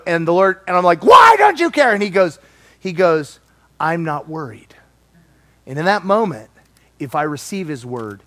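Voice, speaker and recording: A man preaching a sermon, animated and playful, acting out voices as he teaches. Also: a little high.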